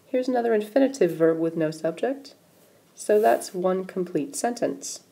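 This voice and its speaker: A woman's voice: medium pitch, expressive, normal speed, creaky, dark tone. A woman teaching a recorded grammar lesson, patiently explaining step by step while pointing at examples on screen. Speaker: English writing teacher.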